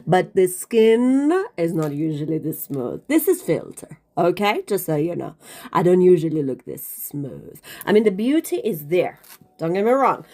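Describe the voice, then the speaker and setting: A woman's voice: lowish voice, mellow. A woman talking to the camera in a casual monologue, emphatic and preachy, calling listeners darling and sounding slightly out of breath. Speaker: spiritual video creator.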